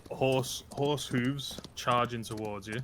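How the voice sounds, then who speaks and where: A man's voice: mid-range voice, fairly even intonation, slow, a bit bright, slight background noise. A man narrating a tabletop role-playing game as game master, describing scenes with many ums and uhs. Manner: hesitant, filler-heavy narration.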